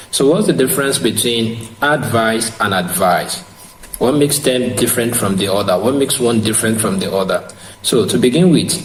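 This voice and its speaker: A man teaching an English grammar lesson online, slow and repetitive, spelling words out letter by letter. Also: fairly low pitch. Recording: echoey room with faint hiss.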